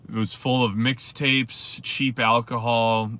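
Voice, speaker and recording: A young man with a bright, forceful voice recounts a story in a loose, rambling way. He piles on fillers and acts out quoted asides as he talks to his viewers. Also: medium pitch, little pitch movement, takes it slowly. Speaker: rideshare driver vlogger. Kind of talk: casual storytelling to camera.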